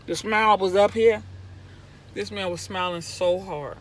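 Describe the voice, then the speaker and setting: A young woman vlogger telling a personal story in an animated way, going from hushed to loud when excited. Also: medium pitch, unhurried, rough recording. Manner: excitable, swings from hushed to near-shouting.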